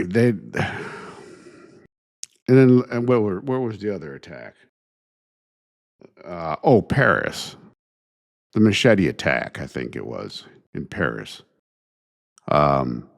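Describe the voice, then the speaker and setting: A man hosting his own show, ranting indignantly in a halting way, restarting phrases and sighing between thoughts. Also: on the low side, big pitch swings, vocal fry. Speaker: podcast host. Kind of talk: solo opinion rant.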